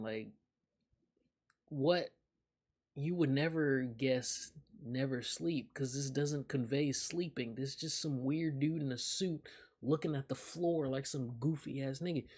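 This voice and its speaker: Slow-talking husky young man streaming. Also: mid-range voice, a little mellow. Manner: loose, profane, reacting aloud with frequent laughs. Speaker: live streamer. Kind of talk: casual live-stream chat.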